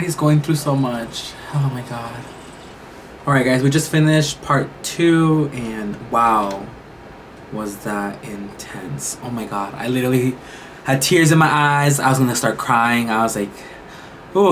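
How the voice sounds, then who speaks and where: A man's voice: medium pitch, a little slow, a bit bright, slight background noise, low-quality recording. A young man reacting to a show episode, talking casually and emotionally with lots of exclamations and restarts. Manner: emotional, exclamatory, thinks aloud with many restarts. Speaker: reaction YouTuber.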